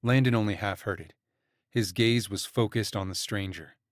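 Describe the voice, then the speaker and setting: A man narrating a romance audiobook in an even, measured way. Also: fairly low pitch, no echo, studio quality. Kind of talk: scripted narration.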